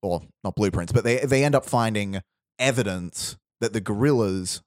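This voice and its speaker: Low-voiced man rambling through a story. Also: no echo, clean studio sound. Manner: rambling, restarts, laughs often, quick asides. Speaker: podcast host pitching a film idea. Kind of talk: casual chat, storytelling.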